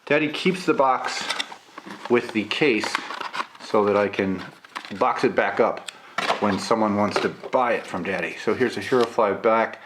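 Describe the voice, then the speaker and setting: A man getting over a cold, with a gravelly voice, chatting casually through a camera unboxing and review, with lots of filler "uh"s. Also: lowish voice, unhurried, background noise. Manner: relaxed, chatty, many filler "uh"s.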